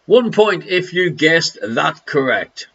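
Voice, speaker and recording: A man's voice: a little high, big pitch swings, takes it slowly, a bit bright, husky, lo-fi sound. A man with an Irish accent hosting a live online quiz, jokey and teasing, laughing between questions. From Ireland. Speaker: quiz host.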